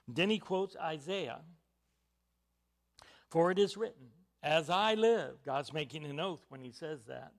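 A male preacher delivering a sermon, swinging from hushed, almost whispered lines to loud emphatic ones, repeating key words and asking his listeners questions. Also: a little high, expressive, unhurried, gravelly.

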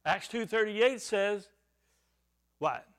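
A man preaching a verse-by-verse sermon, explaining grammar and repeating phrases for emphasis, swinging between loud stressed words and quiet, low asides. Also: animated, slow pace, clean tone. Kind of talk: expository sermon.

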